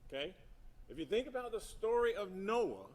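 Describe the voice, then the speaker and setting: A man's voice: high-pitched, very animated, moderate pace. A middle-aged man giving an emphatic teaching talk at a seminary gathering, repeating key points and asking the audience questions. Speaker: speaker at a seminary symposium. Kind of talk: teaching talk on church projects.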